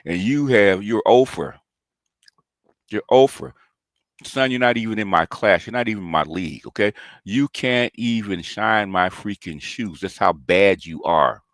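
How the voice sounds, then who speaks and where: Low-voiced man ranting a call-out. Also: fairly bright tone, dry recording, studio quality. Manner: combative, taunting, repeats "okay?" often. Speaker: commentary channel host. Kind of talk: confrontational call-out rant.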